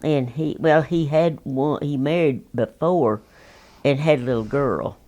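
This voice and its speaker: A woman's voice: deep voice, a little slow, mellow. A woman, telling oral history stories in a folksy, rambling, plainspoken way. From Texas. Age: 90s. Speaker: interviewee.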